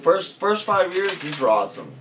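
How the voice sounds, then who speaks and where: A man animatedly telling a story among friends, profane and excitable. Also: high voice, moderate pace, far from the mic, background noise. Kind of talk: casual chat.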